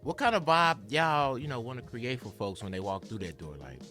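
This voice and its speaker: A man hosting a casual interview in a restaurant, asking playful, animated questions. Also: medium pitch, fairly quick. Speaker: show host. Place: indoors in a restaurant. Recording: music in the background.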